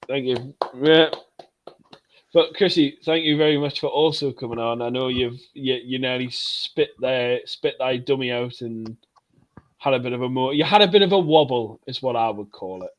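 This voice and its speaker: A man's voice: mid-range voice, moderate pace, dull audio. A man hosting a podcast, wrapping up with rambling, jokey repeated thanks. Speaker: podcast host. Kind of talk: casual chat.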